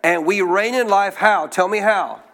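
In an emphatic sermon, a pastor with a high-pitched, fairly bright voice speaks at a measured pace. Questions fly at the congregation, and he prompts them to repeat phrases after him.

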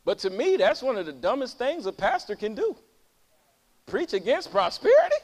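A man preaching a sermon as pastor to his church, calling out to the congregation and swinging between loud high calls and low quiet talk. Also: big pitch swings, moderate pace, in a large hall. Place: church sanctuary.

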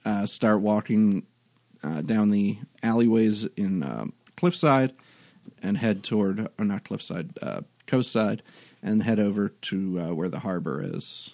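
A man narrating a tabletop game as game master, in an unhurried, halting way with many fillers. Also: fairly low pitch, expressive, creaky, a little mellow, dry recording.

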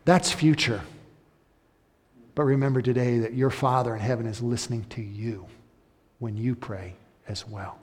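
Man preaching a sermon in a reverberant hall. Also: darkish tone. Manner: rising to emphatic peaks, then dropping low and slow. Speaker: pastor.

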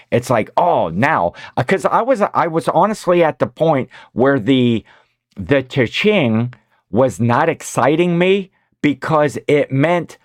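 Guy cohosting a podcast, rambly and animated, mid pitch, dry close sound. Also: no room sound. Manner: rambling, animated storytelling with many restarts. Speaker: podcast co-host. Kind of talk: casual chat.

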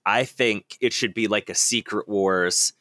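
A man co-hosting a casual podcast chat, excitable and quick to break into impressions. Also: lowish voice, dry recording. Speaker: podcast co-host.

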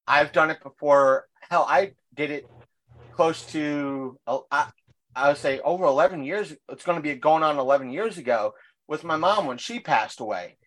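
A man with a fairly high voice talks in loose podcast chat. He rambles through his stories with fillers and restarts and doesn't soften his language. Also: moderate pace. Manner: crude, blunt language. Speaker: podcast co-host. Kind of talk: casual chat.

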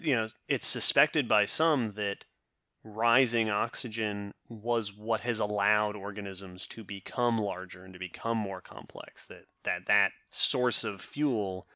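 Bright-voiced man explaining science. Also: fairly low pitch, steady tone, unhurried, dry recording, clean studio sound. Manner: explanatory, thinks aloud with restarts. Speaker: podcast co-host. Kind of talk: casual science podcast chat.

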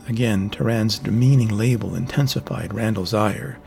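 Male fantasy-audiobook narrator, gravelly, mid-range pitch, measured delivery. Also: expressive, darkish tone, soft background music.

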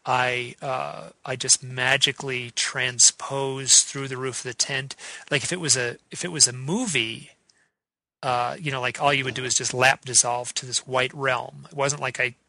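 Male host, gravelly and bright, close dry sound, rambling storyteller. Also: mid-range voice, fairly even intonation, normal speed, no room sound, rough recording. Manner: rambling, many restarts and fillers. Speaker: podcast host. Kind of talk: casual interview chat.

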